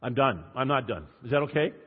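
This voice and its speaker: An older man preaching an evangelistic sermon, telling stories dramatically and moving from hushed tones to loud emphatic passages. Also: mid-range voice, animated, brisk, slightly rough. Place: church sanctuary. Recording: dull sound with long hall reverb.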